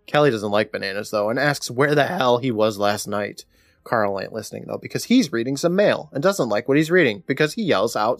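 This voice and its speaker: Lively sarcastic podcast host, dry sound. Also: male voice, mid-range voice, brisk, no echo. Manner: sarcastic, jokey storyteller. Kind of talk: casual episode recap.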